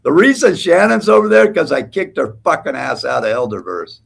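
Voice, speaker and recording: A man's voice: a little high, sing-song, brisk, gravelly, husky. A man hosting a livestream panel, taunting and cursing at a rival in heated trash talk. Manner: profane, taunting, mocking. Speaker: livestream host.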